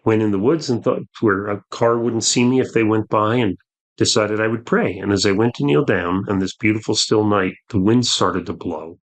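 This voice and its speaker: A man, a podcast guest earnestly telling a personal story, with halting restarts. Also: on the low side.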